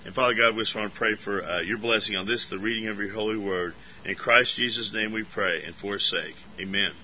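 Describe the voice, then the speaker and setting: A man with a husky voice reading scripture in a measured, solemn way and leading a prayer. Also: lowish voice, slight background noise. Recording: muffled lo-fi recording.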